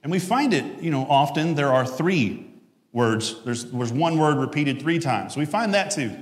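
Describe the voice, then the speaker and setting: A man's voice: on the high side, lively intonation, measured pace. A male pastor giving a conversational sermon with jokes, asides and self-corrections. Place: church sanctuary. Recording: echoey church hall.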